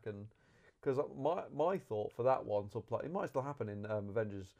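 Rambling man with a mellow voice. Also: mid-range voice, normal speed, dull audio. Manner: rambling, animated, self-correcting. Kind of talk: casual movie review chat.

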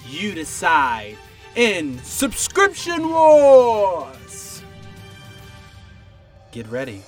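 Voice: medium pitch, huge pitch swings, drawn-out words, soft background music, full character voice. A comedian voicing a dramatic movie-trailer announcer with portentous rhetorical questions, in a parody of trailer narration. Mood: ominous hype.

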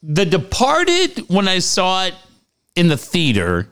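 A man's voice: high voice, wildly swooping pitch, slow, fairly bright tone, smooth. A man co-hosting a podcast, joking crudely and acting out quotes in casual chat. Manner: profane, joking, acts out quotes. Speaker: podcast co-host.

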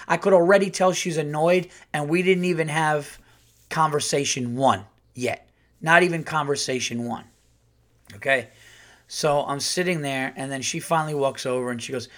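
A middle-aged male comedian hosting a podcast, telling an exasperated story in a casual, animated way and acting out the quotes. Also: on the high side, normal speed. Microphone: podcast studio mic.

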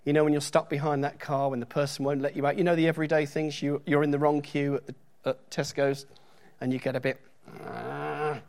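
A man's voice: on the high side, flat delivery, quick pace, few pauses, a little mellow. A middle-aged man preaching a sermon in a church, talking conversationally with joking asides and reading scripture aloud with emphasis.

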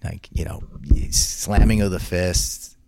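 Deep-voiced man telling a story. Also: steady tone, slow pace, creaky, darkish tone, no echo, clean studio sound. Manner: rambling, frequent restarts and repeated words. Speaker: interview guest. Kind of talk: casual anecdotal storytelling.

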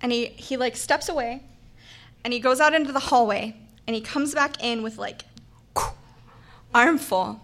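A young woman telling a funny personal story on stage, animated and laughing, acting out the voices of the people in it. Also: on the high side, unhurried, long pauses. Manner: animated, acts out quoted voices, laughs often.

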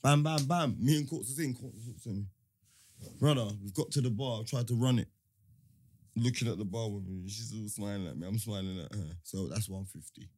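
A man, a podcast co-host telling an animated anecdote in slang-heavy chat. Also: fairly low pitch, brisk. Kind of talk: casual storytelling chat.

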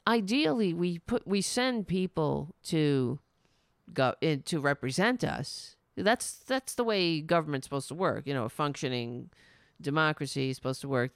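Slow, lively-voiced woman ranting about politics. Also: sits low, creaky, dry recording, clean studio sound. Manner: indignant, ranting, sarcastic. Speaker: host. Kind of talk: political commentary.

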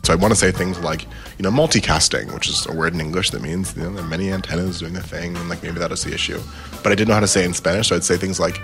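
A man's voice: sits low, steady tone, racing, a bit bright, soft background music. A man telling a personal anecdote casually, rambling with many fillers and laughing at himself. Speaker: storyteller.

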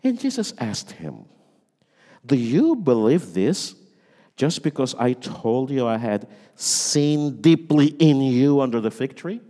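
A man preaching a sermon as pastor, dramatic, swinging between loud lines and hushed ones. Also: mid-range voice, very animated, unhurried. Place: church sanctuary. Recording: long reverb of a church hall.

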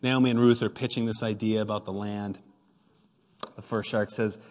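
A man's voice: fairly low pitch, fairly even intonation, normal speed, darkish tone. A man preaching a sermon as pastor, retelling a story with playful asides and emphatic build-ups. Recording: long hall reverb.

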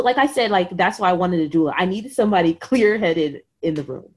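A woman's voice: fairly low pitch, normal speed, breathy edge. A woman in her thirties telling a personal story as a podcast guest, acting out what others said and filling her speech with "like.". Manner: animated, acts out quotes, says "like" a lot. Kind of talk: casual storytelling.

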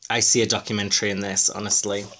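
A man's voice: lowish voice, flat delivery, fast, bright, forceful tone. A man from Huddersfield hosting an interview in a playful, easygoing way. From Huddersfield, England. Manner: laughs often, playful. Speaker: interview host. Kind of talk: casual interview chat.

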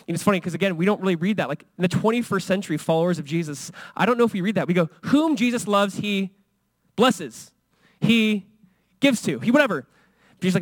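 A man's voice: high-pitched, quick pace, dry recording. A male pastor preaching a sermon in an earnest, conversational way, a father who acts out the voices he quotes. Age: young adult or middle-aged, father of a son.

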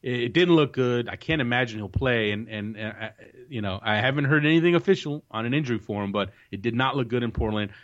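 A man's voice: mid-range voice, fast, hardly any pauses. A man hosting a soccer podcast, chatting casually and confidently giving match predictions, often restarting his sentences. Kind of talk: casual sports chat. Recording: dull lo-fi recording.

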